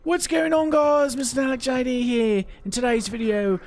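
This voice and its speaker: A man doing an over-excited impression of a young male YouTuber opening a video. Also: normal speed. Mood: hyped. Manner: loud, high, over-excited.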